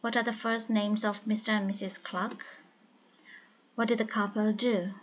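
A woman teaching an English listening lesson, speaking slowly and carefully and repeating key words. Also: medium pitch, flat delivery. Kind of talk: slow classroom explanation. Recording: dull lo-fi sound with faint hiss.

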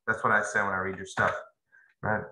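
A man's voice: lowish voice, little pitch movement, a little fast, sharp tone. A young man teaching a casual grammar lesson, loose and conversational, talking straight to his students. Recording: roomy echo, faint noise.

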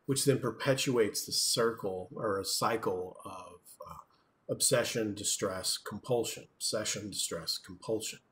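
A man's voice: fairly low pitch, a little slow, a bit bright, a little hiss or hum. A man giving a recorded university lecture in a conversational way, often asking "right?" and acting out quoted voices. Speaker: professor.

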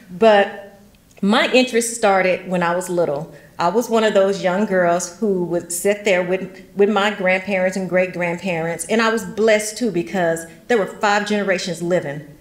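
A middle-aged woman from West Tennessee gives a chatty genealogy workshop talk full of folksy asides and frequent laughter. Her voice is on the low side and her speed is normal. The recording has a roomy echo.

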